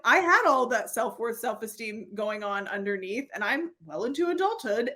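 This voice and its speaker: A woman with a voice of ordinary, middle pitch speaks as a therapist guest on an interview. She tells stories in a lively way and often laughs. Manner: animated storyteller who acts out quoted dialogue and laughs often. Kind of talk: conversational interview.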